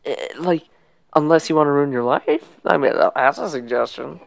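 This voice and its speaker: A woman with a very deep voice makes sarcastic, blunt remarks in podcast chat. Her voice is close and dry. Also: fairly quick, creaky, no room sound. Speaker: podcast co-host. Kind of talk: casual chat.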